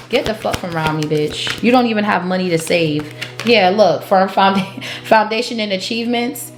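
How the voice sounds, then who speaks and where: A woman giving a collective tarot reading, blunt and profane, laughing often as she calls out the cards. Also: mid-range voice. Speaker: tarot reader. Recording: roomy echo with faint music.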